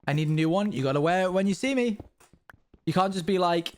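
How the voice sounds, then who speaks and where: A young British man streaming live, chatting casually and answering his viewers' questions in quick, upbeat bursts. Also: on the high side, expressive. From Britain. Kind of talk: casual livestream chat with viewers.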